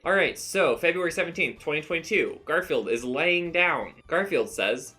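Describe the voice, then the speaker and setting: A man's voice: medium pitch, moderate pace, sharp tone, faint music behind. A young man hosting a comic recap at home, talking with mock-serious irony and laughing at his own jokes. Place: home room.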